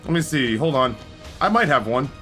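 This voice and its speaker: Bright-voiced man in his forties streaming. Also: medium pitch, big pitch swings, moderate pace, soft background music. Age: 40s. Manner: rambling and profane, greeting chatters by name. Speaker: live streamer. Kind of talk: casual live-stream chat with viewers.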